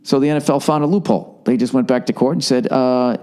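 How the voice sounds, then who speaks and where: Profane sarcastic man with a mellow voice. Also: mid-range voice, fast talker. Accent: Boston. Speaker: podcast host. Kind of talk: casual comedic monologue and ad reads.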